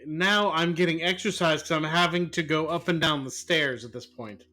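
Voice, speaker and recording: A man's voice: a little high, normal speed, pushed and bright, faint music behind. A man chatting casually on a live stream at home, exclaiming and repeating words.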